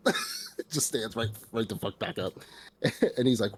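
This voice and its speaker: An American man with a fairly low voice recaps a movie on a casual podcast. He talks animatedly, fills his sentences with "like," and jumps into quoted lines of the characters as he goes. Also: a little slow, a little hiss or hum. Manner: animated retelling with acted quotes, heavy filler "like". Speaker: podcast co-host. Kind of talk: casual podcast review chat.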